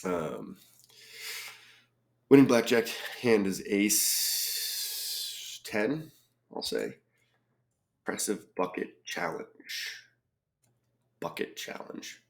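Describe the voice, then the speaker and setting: A man solving a crossword puzzle aloud, reading clues and thinking out loud with frequent ums and muttered asides. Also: on the low side, sing-song, drawn-out words, creaky, long pauses. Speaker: crossword reviewer.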